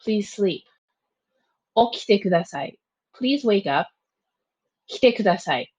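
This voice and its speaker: A woman teacher giving a slow, clear recorded vocabulary review, pausing between each word and its translation. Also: medium pitch, expressive, a little mellow, dry recording. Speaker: Japanese teacher. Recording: dull, muffled lo-fi sound.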